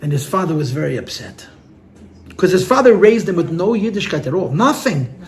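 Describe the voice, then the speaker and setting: His high-pitched voice swings widely in pitch and runs a little fast, with slight background noise behind it. The man is a rabbi telling earnest, heartfelt stories to a gathering of listeners in a room, repeating himself and drawing on Hebrew and Yiddish terms.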